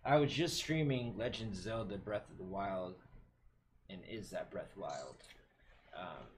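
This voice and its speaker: Low-key man, low voice, faint noise. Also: unhurried. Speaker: podcast co-host. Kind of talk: casual chat.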